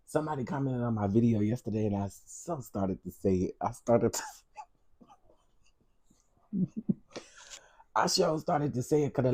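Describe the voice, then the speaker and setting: A man's voice: mid-range voice, warm tone, breathy edge. A man hosting a casual livestream, greeting viewers by name and repeating his phrases. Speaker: livestream host.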